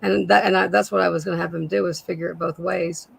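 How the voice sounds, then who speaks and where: Woman, raspy, gravelly and husky, casual live-sale chat, describing jewelry. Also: fairly low pitch, steady tone, fast talker, low-quality recording. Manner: chatty, describing jewelry pieces. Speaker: guest seller.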